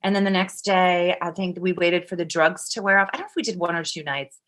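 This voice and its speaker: A woman from Kansas, a guest on a talk show, telling a personal story in a lively, chatty way and acting out what others said. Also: fairly low pitch, quick pace. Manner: animated, acts out quotes. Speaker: actress guest. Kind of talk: casual storytelling.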